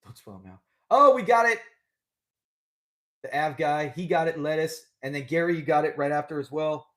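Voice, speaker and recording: A man's voice: a little high, expressive, moderate pace, fairly bright tone. A man hosting a live trivia stream, talking in a chatty, upbeat way and laughing often. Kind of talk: casual live-stream chat.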